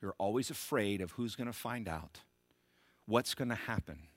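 A man preaching a sermon as pastor, emphatic and repetitive, rising to shouted bursts. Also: fairly low pitch, expressive, normal speed, no echo.

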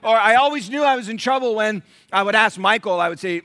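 Male pastor, middle-aged, high bright voice, dry close sound, lively sermon. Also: fast talker, few pauses, dry recording. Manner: animated, conversational, quizzing the congregation. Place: church sanctuary.

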